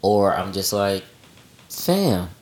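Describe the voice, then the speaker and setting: A man co-hosting a podcast, telling family stories in animated casual chat with low asides. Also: normal speed, echoey room. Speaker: podcast co-host.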